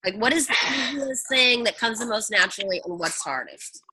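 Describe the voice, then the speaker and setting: A woman hosts a casual coaching call, chatty and encouraging. Her voice is bright and sits a little high. She teases participants as she calls on each one in turn. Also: lively intonation, a little fast, husky, low-quality recording. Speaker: host of a coaching team call.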